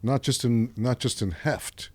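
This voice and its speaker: An older man speaks as a podcast guest in a dry, deadpan, musing way, often restarting his sentences. His voice sits at an ordinary middle pitch. The studio sound is close and dry, with no room echo. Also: measured pace, breathy edge. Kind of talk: casual podcast conversation.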